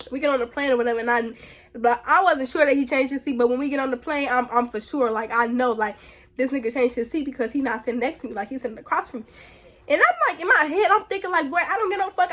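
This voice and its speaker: A young woman vlogger telling a story in a casual, blunt, profane way, animated and slangy. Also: sits high.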